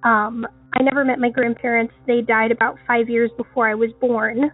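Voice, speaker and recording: A woman's voice: fairly high pitch, breathy edge. A woman from Maine, calling in on a phone line and telling a family story in an earnest, chatty way with fillers. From Maine, USA. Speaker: caller. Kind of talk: voicemail story call. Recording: phone-line audio, faint music.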